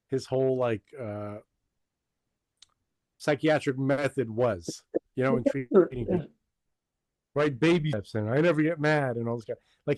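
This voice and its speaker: A man hosts a podcast in loose, rambling chat, stopping and restarting his thoughts. His voice sits at a middling pitch. The sound is dry and close. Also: a little mellow, no echo. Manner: rambling, hesitant, many restarts. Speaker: podcast host. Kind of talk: casual chat.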